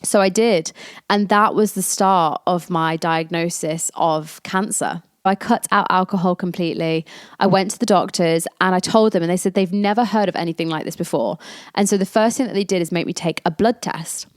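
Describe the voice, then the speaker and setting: A woman's voice: lowish voice, moderate pace, dry recording, clean studio sound. A woman, hosting a podcast and candidly telling a personal story in a chatty way, acting out the lines of the people in it. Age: 20s. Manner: candid and chatty, acts out quoted dialogue. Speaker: podcast host.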